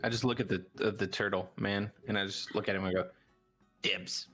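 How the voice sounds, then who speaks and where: A man playing a tabletop game, deadpan and halting. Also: on the low side, soft background music. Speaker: player.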